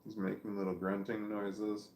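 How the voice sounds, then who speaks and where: Man, low and gravelly, home livestream chat, meandering, roomy echo. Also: monotone, normal speed, darkish tone, a little hiss or hum. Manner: meandering, self-interrupting, talking to viewers about his dog. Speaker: vlogger. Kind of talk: rambling casual livestream chat. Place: at home, seated with dog on his legs. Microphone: phone or camera on a stand.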